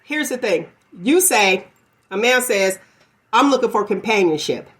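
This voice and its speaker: A woman host argues her point in a casual talk-show debate. She is emphatic and repeats phrases like a refrain to keep the floor. Her pitch sits in a middle register. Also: lively intonation, a little slow. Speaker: podcast host.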